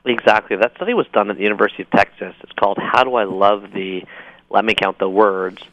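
A man, an author calling in to a talk show, explaining his ideas with upbeat enthusiasm and quick jokes. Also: lowish voice, no echo. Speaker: author guest. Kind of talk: call-in interview. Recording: dull dry phone-in line.

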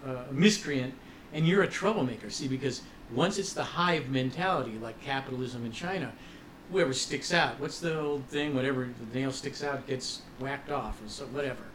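A man's voice: medium pitch, moderate pace, fairly bright tone, slight background noise, poor audio. A man guest on a radio interview, ranting with passion and cynicism about politics. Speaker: musician guest.

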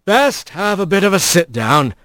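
A man's voice: sits high, big pitch swings, normal speed, a bit bright, dry recording, pitched above the performer's own voice. A man voicing an easygoing, witty male otter bosun who jokes with the crew in a storybook reading. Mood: friendly. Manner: jovial and wry.

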